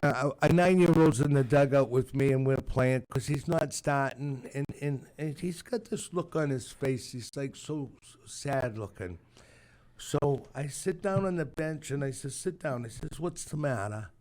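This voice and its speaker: An older man, a retired youth baseball coach telling halting, rambling stories as a radio guest. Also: mid-range voice, darkish tone. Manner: rambling, halting, many restarts. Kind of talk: casual radio interview storytelling.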